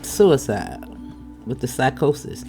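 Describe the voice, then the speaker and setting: A woman giving a casual tarot reading, chatty, with laughing asides and drawn-out exclamations. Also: rumbling low, lively intonation, loud music behind the voice. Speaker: tarot reader.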